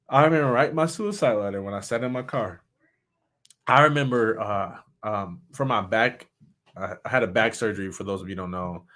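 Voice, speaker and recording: A man who is a motivational speaker, talking candidly in a reflective, halting way, often restarting his sentences. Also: fairly low pitch. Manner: candid, halting, with many restarts and soft laughs. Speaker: motivational speaker and suicide survivor. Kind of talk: personal reflective talk.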